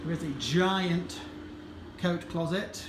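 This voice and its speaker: A man's voice: fairly high pitch, slow. A man working as a realtor, chatting casually as he walks through a show home and points out its features. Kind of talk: casual walkthrough home tour. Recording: echoey empty rooms, faint background noise.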